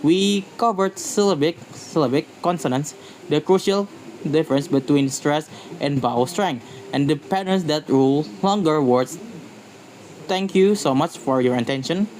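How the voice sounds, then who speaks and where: A man's voice: a little high, moderate pace, a little mellow, slight background noise, rough recording. A man giving a slide-based pronunciation lecture, speaking carefully and repeating example words to model their stress.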